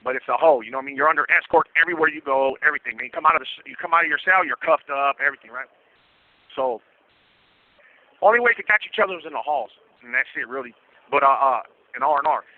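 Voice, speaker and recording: A man's voice: mid-range voice, fast talker, no echo. A man, telling prison stories in casual streetwise slang over the phone and acting out the voices of the people in them. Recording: tinny phone line.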